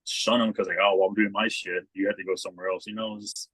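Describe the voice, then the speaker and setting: A man's voice: fairly low pitch, flat delivery, fast talker, a loud crowd, low-quality recording. A man co-hosting a podcast in casual chat, laid-back and swearing often, raising his voice when he quotes people. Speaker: podcast co-host.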